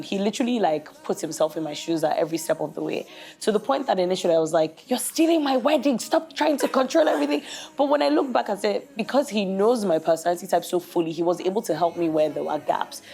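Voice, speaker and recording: Mellow-voiced woman telling a story. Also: on the low side. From Nigeria. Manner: animated storyteller who often says "like" and "literally". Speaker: guest bride. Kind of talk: casual chat.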